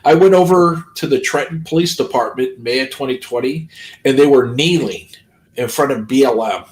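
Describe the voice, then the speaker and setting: A man's voice: medium pitch, fairly quick, low-quality recording. A man streaming a casual talk, ranting bluntly with plenty of swearing. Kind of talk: casual chat.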